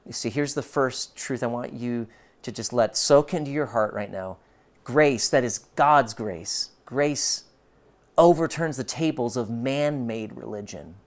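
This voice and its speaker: A male pastor preaching a sermon, emphatic and moving between quiet and forceful delivery. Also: medium pitch, a little slow. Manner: emphatic, shifts between soft and loud.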